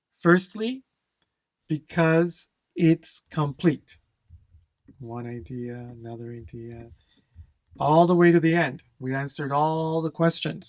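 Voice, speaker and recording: A man teaching a speaking-test lesson, explaining scores slowly and emphatically and checking in with "okay?" after each point. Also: on the high side, dry recording. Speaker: language test instructor.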